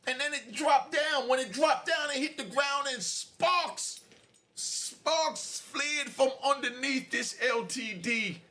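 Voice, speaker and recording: A middle-aged man, a podcast host telling a street story in an animated, slangy way. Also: very high voice. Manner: animated, slangy, frequent "you know".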